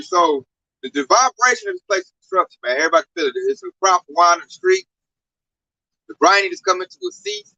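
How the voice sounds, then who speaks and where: Male co-host with a high, bright voice, emphatic slangy religious talk, muffled lo-fi recording. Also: sing-song, a little fast. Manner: slangy, emphatic, acts out quotes.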